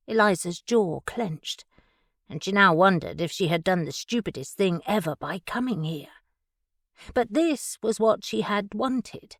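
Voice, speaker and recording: In an echo-free, studio-quality recording, a woman narrates a scripted audiobook. Her pitch is medium and her storytelling delivery is measured and even.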